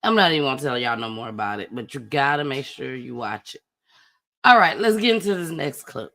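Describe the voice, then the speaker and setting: A woman's voice: extremely low pitch, animated, fast, a bit bright. A woman hosting her own show, chatting casually and emphatically as she reacts to news clips. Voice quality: emphatic, repeats phrases for emphasis. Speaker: commentary show host. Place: home studio with green screen.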